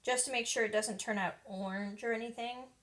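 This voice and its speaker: A woman's voice: a little high, fairly even intonation, a little fast, a bit bright, natural voice. A woman reading aloud and voicing an earnest, stubborn little boy.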